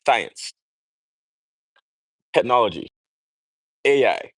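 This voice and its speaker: A man's voice: on the low side, lively intonation, normal speed, long pauses, fairly bright tone, no echo, rough recording. A young man from Jamaica talking on a livestream, preaching in an emphatic way and firing off rhetorical questions. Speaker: livestream host. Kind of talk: casual livestream monologue.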